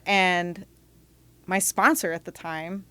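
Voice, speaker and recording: A woman shares her story on a podcast in a candid, animated way, full of quick asides and self-corrections. Her voice sits fairly low for a woman. The sound is close and dry, with no room echo. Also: clean tone. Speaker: podcast guest.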